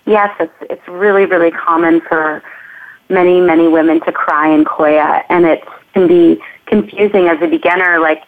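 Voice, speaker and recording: A woman talks in an earnest, flowing way, looping back over her own phrases as she explains. Her voice sits a little low and comes through a thin, phone-like line. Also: steady tone, normal speed. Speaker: guest, movement teacher. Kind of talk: reflective conversational interview.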